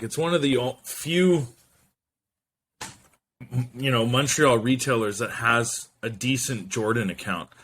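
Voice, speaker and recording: A man's voice: mid-range voice, a bit bright, slight background noise. A man in his thirties hosting his own show, rambling casually to camera with profane jokes, slang and French asides. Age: 30s. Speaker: show host.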